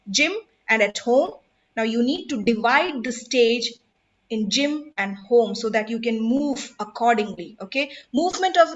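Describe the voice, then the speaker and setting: A woman's voice: fairly high pitch, highs cut off. A woman, teaching public speaking in an emphatic, instructive way and putting questions to her audience. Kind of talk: online workshop talk.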